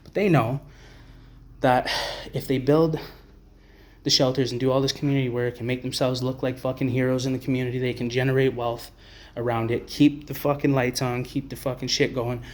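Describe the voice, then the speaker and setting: A man's voice: medium pitch, little pitch movement, brisk, a little mellow. A man delivering a profane, blunt, rambling to-camera rant as an advocate for homeless people. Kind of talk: ranting to-camera monologue.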